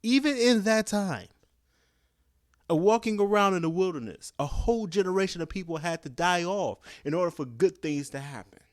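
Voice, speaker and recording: A man's voice: high voice, expressive, moderate pace, dry recording, studio quality. A young man giving a passionate, preachy opinion commentary, often asking "guess what?" to drive his point home. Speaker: commentary vlogger.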